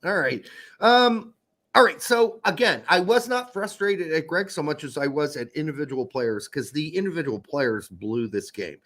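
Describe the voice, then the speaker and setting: Man, podcast co-host, casual sports chat, lively swinging pitch, salty language. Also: moderate pace. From Netherlands. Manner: animated, swears, acts out quotes.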